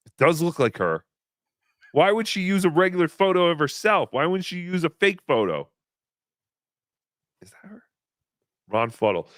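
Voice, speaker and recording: Male livestream host, slightly higher-pitched, dry close sound, joking and rambling casting. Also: big pitch swings, moderate pace, pauses often, fairly bright tone, no echo. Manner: rambling, joking, self-deprecating. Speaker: livestream host reading chat donations. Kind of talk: casual livestream chat.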